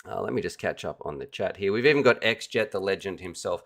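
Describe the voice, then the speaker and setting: A deep-voiced man chats casually on a livestream. He sounds upbeat and keen, and he talks straight to his viewers like friends hanging out. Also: expressive, brisk, gravelly, fairly bright tone. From Australia. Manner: enthusiastic, chatty, addresses viewers directly. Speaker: livestream host.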